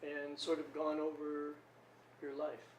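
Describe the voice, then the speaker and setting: A man interviewing a guest in a relaxed, joking, conversational way. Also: a little high, unhurried, a little hiss or hum. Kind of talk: casual interview chat. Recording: roomy room, distant mic.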